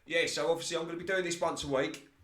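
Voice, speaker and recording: Speaking fast in a voice on the high side, a man casually narrates his own football management game play-by-play. Near misses get him excited, and he laughs at his own slips. The recording sounds roomy.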